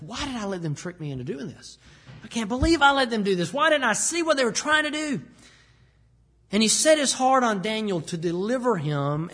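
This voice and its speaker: A man preaching a sermon, animated, acting out the words of the people in the story. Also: high-pitched, breathy edge. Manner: animated, acts out the king's lines.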